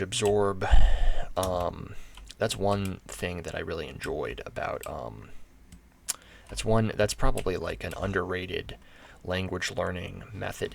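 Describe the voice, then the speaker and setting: A man's voice: deep voice, vocal fry, fairly bright tone, a little hiss or hum. An American man giving casual, rambling commentary while playing a video game, thinking aloud with many fillers and restarts. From United States. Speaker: gaming channel host.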